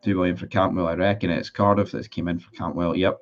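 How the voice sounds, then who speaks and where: A man's voice: low voice, flat delivery, quick pace, dull audio. A man in a casual livestream, reading out viewer comments and answering them in a blunt, sweary, sarcastic way. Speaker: football fan streamer.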